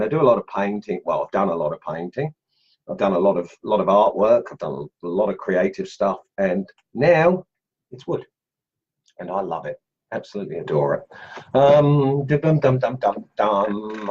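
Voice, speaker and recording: A middle-aged Australian man hosting a casual woodcarving livestream from his home workshop, chatty and excitable, laughing as he tests knives and greets viewers. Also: medium pitch, slightly rough, muffled recording. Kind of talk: casual live-stream chat, unboxing and testing knives.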